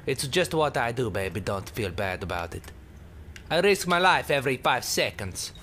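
A man's voice: mid-range voice, big pitch swings, moderate pace, a bit bright, slight background noise. A young man giving goofy, rambling gameplay commentary, joking at his own expense and breaking into mock screams. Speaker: let's play commentator.

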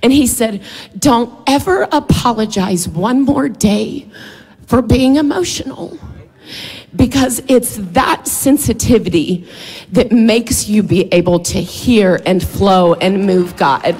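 A woman's voice: on the high side, darkish tone, breathy edge. A woman speaking at a church, praying and then talking with open emotion in a sermon. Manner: emotional, heartfelt, slow and drawn out. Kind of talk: sermon with prayer.

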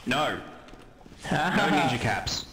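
A man's voice: mid-range voice, big pitch swings, takes it slowly, fairly bright tone, slight background noise, poor audio. A man gaming in casual voice chat, making callouts and wry jokes. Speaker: gamer.

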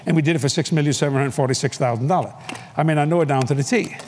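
A man's voice: fairly high pitch, rapid-fire, a little mellow. An older man preaching, telling a story with acted-out voices, hollers and laughs. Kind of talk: animated storytelling sermon. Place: large convention hall.

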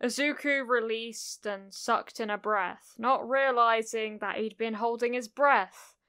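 A woman narrating a cozy fan fiction audiobook in a gentle, unhurried storytelling manner. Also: fairly high pitch, smooth, no room sound, clean studio sound.

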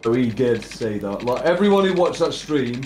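A man's voice: mid-range voice, sing-song, moderate pace, darkish tone. Irate swearing man, echoey room. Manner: angry, swearing, emphatic. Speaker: streamer and father. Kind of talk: heated casual chat. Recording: roomy with clear background noise.

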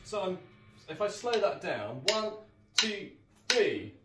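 Drum teacher guy counting in, slightly high voice, kinda far from the mic in an echoey room. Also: sing-song, slow. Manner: friendly, counts aloud and sings drum beats. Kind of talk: music lesson. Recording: echoey room, mic at a distance, music playing.

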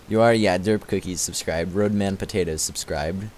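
Reading out his chat during a live stream, this young man is giggly and excitable, sliding from low mumbles up to high squeals. His pace is moderate.

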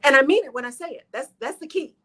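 A woman's voice: high-pitched, lively intonation, quick pace, bright, forceful tone. A middle-aged woman hosts a radio show, giving an earnest, encouraging motivational talk straight to her listeners.

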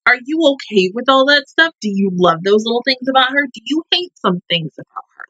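A woman's voice: fairly high pitch, expressive, brisk, few pauses, pushed and bright, no room sound, rough recording. A woman hosting an anime reaction video, ranting at the screen with plenty of swearing and exasperated outbursts. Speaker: anime reaction channel host.

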